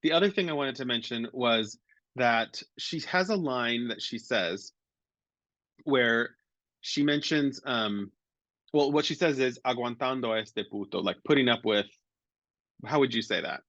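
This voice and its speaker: A man's voice: medium pitch, a little slow, a bit bright, dry recording. A man co-hosting a casual chat podcast, explaining his points thoughtfully with many fillers. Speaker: podcast co-host. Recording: slightly dull, dry audio.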